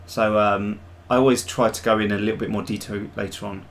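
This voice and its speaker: A man's voice: lowish voice, level tone, fairly quick. A middle-aged man chatting casually on a live stream, thinking aloud as he sculpts a 3D model. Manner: easygoing, thinking aloud while working.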